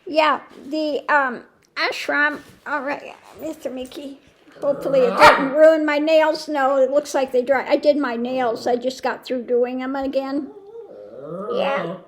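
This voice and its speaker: High, slow-talking woman chatting. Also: steady tone, crowd noise. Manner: rambling, many restarts and exclamations of disbelief. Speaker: tarot channel host. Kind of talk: casual chat to camera. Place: at home.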